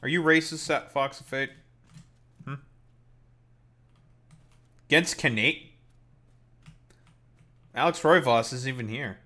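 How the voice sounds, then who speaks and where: While streaming a game, a man chats casually with his viewers, crude, profane and teasing. His mid-range voice is slow and sharp-toned with frequent pauses, and keyboard typing can be heard in the background.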